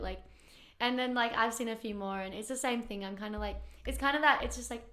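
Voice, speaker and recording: A woman's voice: a little high, a little fast, bright, forceful tone. A young woman, a pro surfer as guest, chatting casually, giggly and loose with lots of fillers. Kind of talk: casual chat.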